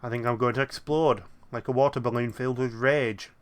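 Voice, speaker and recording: A man doing a loud hot-tempered townsman. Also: medium pitch, fairly even intonation, natural voice. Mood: ranting. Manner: loud, slow, ranting. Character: hot-tempered townsman, furious at his rivals.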